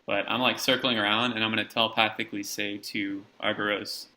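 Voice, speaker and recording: Gravelly, bright-voiced tabletop player. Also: male voice, fairly low pitch, flat delivery, a little fast, low-quality recording. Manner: curious, asks many questions. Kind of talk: casual tabletop play.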